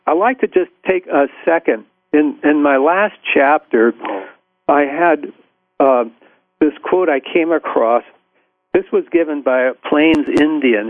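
A man guesting on an interview show, with a slightly higher voice than most men. He tells stories slowly and reflectively, with restarts along the way. He sounds tinny and narrow, as if heard down a phone line, and the sound is very dry. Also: no room sound. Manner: reflective storytelling, many restarts. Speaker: psychotherapist guest.

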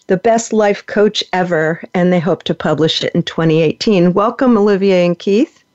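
A man hosting a casual interview, talking hesitantly with many pauses and soft laughs. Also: sits high, no room sound. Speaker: podcast host. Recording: dull lo-fi, dry audio.

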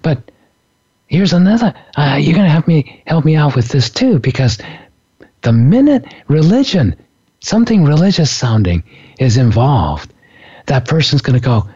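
A middle-aged man, a psychic and minister, telling a story in a casual, animated way with frequent laughter. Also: a little high, moderate pace, slightly rough, highs cut off. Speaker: podcast host, psychic and minister.

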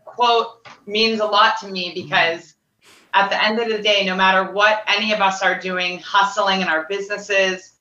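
Earnest woman guest, bright and distant. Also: mid-range voice, fairly even intonation, normal speed, echoey room, highs cut off. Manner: earnest, reflective. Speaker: guest, business owner. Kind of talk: casual interview answer.

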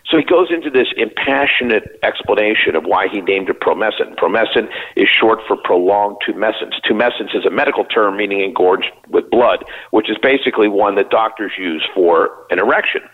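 A man's voice: fairly low pitch, brisk, hardly any pauses. A man in his sixties, a company CEO, telling joking anecdotes in a casual interview and acting out the dialogue. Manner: lively anecdotes, jokey, acts out quoted dialogue. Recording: phone-like narrow band.

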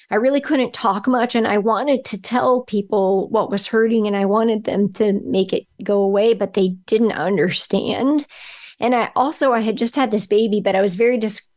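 A middle-aged woman, a podcast guest, telling a personal story in a halting way, often restarting and searching for words. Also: mid-range voice, a little mellow.

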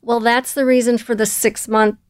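A woman being interviewed, telling personal stories in a relaxed way and laughing easily. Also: fairly high pitch, moderate pace, clean tone, dry recording, studio quality. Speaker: guest, volunteer and coach. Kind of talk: conversational interview.

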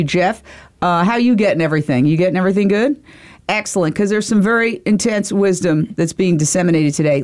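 A woman's voice: fairly low pitch, a little mellow. A woman hosting a talk show, introducing a guest and asking leading questions with enthusiasm. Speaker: host.

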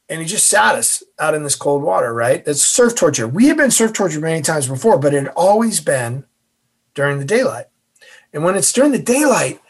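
A man's voice: on the high side, sing-song, brisk, husky. A man, a former navy officer, telling a story as a guest in an interview, acting out the voices.

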